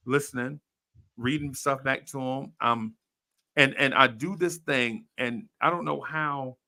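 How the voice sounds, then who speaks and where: A man on a podcast, casually telling a story in animated, slangy talk and acting out what others said. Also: medium pitch, gravelly, dry recording, clean studio sound. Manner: animated, slangy storyteller who acts out quoted voices. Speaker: podcast host.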